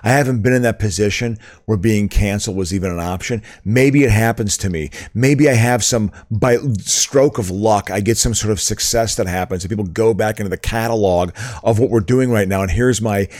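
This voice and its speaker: A man's voice: on the low side, a little fast, hardly any pauses, a little mellow, dry recording. A man co-hosting a live-streamed talk show, talking casually with frequent stammering restarts into a studio mic. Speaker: podcast co-host. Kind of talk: casual chat. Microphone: studio mic raised toward face.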